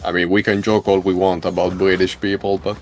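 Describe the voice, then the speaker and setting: A man's voice: low voice, level tone, brisk, a little mellow, soft background music. A man chatting casually as a co-commentator on a speedrun, joking and opinionated in friendly banter. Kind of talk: casual chat over gameplay.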